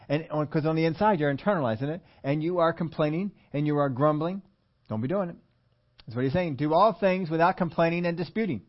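A man preaching an animated sermon and asking his congregation questions. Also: on the high side, lo-fi sound. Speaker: pastor.

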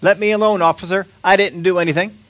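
A stubborn old man living on the street, gruff and sarcastic with everyone who approaches him, read by a male preacher telling a story. The voice is grumbling and dismissive. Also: high voice, steady tone, quick pace, fairly bright tone, dry recording, pitched above the performer's own voice.

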